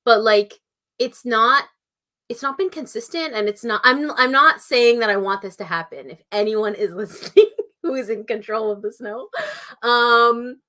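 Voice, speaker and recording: A woman's voice: fairly high pitch, moderate pace, bright, forceful tone. A woman in her twenties with a Canadian accent, chatting casually on a livestream, reading out chat messages and laughing often. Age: 20s. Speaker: writing channel host.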